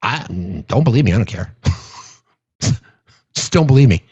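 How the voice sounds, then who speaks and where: A man's voice: mid-range voice, animated, moderate pace, a little mellow, husky, dry recording, lo-fi sound. A man giving a casual political rant to his viewers, sarcastic, mocking and profane. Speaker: political commentator.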